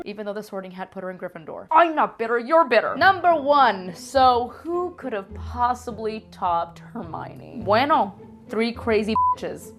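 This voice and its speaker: A young woman vlogging a comedic countdown, playful and animated, tossing in Spanish words. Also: medium pitch. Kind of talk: casual comedic countdown vlog. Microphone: lapel mic.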